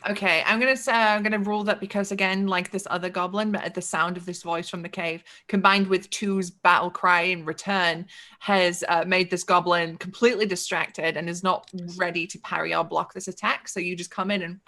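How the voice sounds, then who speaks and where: A woman's voice: on the low side, steady tone, a little fast, pushed and bright. A woman narrating as game master of a tabletop game, upbeat and swearing freely, with plenty of ums.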